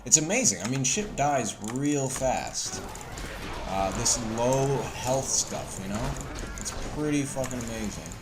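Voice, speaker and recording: A man's voice: medium pitch, slow pace, background noise. A man casually commenting over his gameplay, loose and profane, with lots of ums and a Southern US accent. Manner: loose, profane, filler-heavy. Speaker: gameplay video host.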